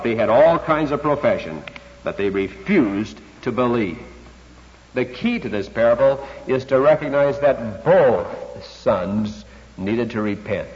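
Emphatic preacher in an echoing hall. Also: male voice, medium pitch, darkish tone. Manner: emphatic, dramatic, slows down for key words. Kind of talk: expository sermon. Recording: lo-fi recording with long hall reverb.

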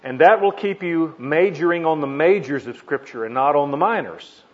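A man's voice: fairly high pitch, lively intonation, moderate pace. A man preaching a teaching sermon, earnest, leaning hard on single words for emphasis. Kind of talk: teaching sermon on Bible meditation. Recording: dull lo-fi recording.

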